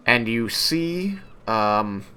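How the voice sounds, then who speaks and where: A man's voice: medium pitch, extremely slow, clean tone. A man narrating as game master of a tabletop game, hesitant with many fillers. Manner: hesitant, filler-heavy, lively storytelling.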